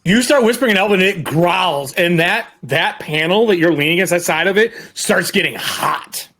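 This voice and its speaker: A man's voice: high voice, lively intonation, moderate pace, sharp tone, a little hiss or hum. A man acting as game master of a tabletop game, describing scenes and making matter-of-fact rulings.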